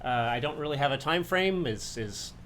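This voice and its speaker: A man talking casually on a livestream about an upcoming trip, relaxed and a little rambling. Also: medium pitch, normal speed, slight background noise.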